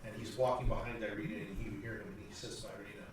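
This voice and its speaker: A man's voice: fairly low pitch, fairly even intonation, fast, few pauses, noisy background. A man narrating a tabletop game as game master, rambling with fillers and restarts. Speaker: dungeon master. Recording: echoey room from far off.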